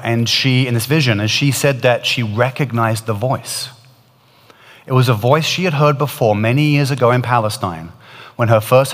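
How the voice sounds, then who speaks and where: A man's voice: medium pitch, big-room sound. A man preaching a sermon, retelling a story in an earnest, emphatic way that swells and drops in intensity.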